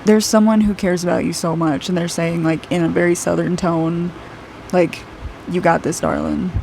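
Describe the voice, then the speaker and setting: A woman's voice: on the low side, level tone, moderate pace, creaky, a little mellow, a little hiss or hum. A woman in her twenties giving a casual intuitive aura reading while she draws, chatty and rambling, dropping "like" often and laughing a lot. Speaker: aura reader and artist.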